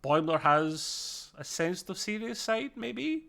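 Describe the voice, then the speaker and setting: A man's voice: high-pitched, sing-song, takes it slowly, gravelly, a bit bright. Chatty man reviewing an episode. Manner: chatty, laughing, filler-heavy. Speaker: podcast co-host. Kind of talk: casual review chat.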